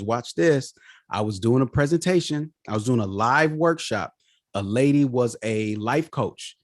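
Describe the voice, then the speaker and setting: An animated man lays out business automation like a live workshop. His pitch swings widely as he acts out what clients told him. The sound is dry and close, with no room around it. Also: no echo. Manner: energetic, animated teaching, acts out client quotes. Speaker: automation expert guest. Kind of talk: live workshop-style webinar talk.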